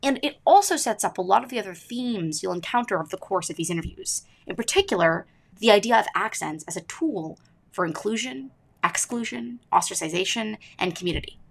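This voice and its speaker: A woman hosting a podcast, reading her narration in a playful, self-mocking way and talking quickly. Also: mid-range voice, animated, creaky. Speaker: podcast host.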